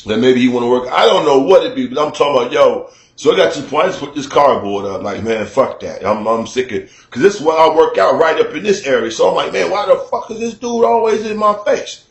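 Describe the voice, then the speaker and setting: A man telling a story to his camera in a casual, animated, profane way, acting out shouts at a neighbor, recorded in a room at home. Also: mid-range voice, fast talker, hardly any pauses, roomy sound. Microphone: camera mic.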